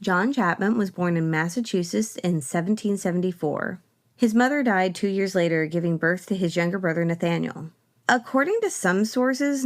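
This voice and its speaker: Female podcast host, mid-pitched, scripted commentary, dry sarcastic asides.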